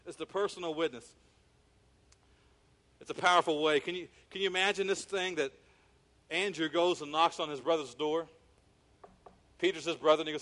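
A man preaching a sermon, animated, acting out scenes with quoted voices. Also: fairly high pitch, brisk. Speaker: pastor. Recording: long reverb of a large hall.

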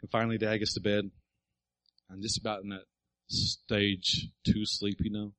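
A man's voice: fairly low pitch, level tone, moderate pace, a bit bright, dry recording, rough recording. A middle-aged male pastor preaching a sermon, telling a family story and building to emphatic appeals.

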